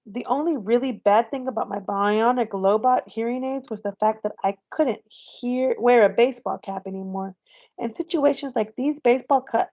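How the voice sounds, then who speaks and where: A woman teacher reading a novel aloud to her class in a gentle, unhurried storytelling manner. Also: fairly high pitch, no echo. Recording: slightly dull, dry recording.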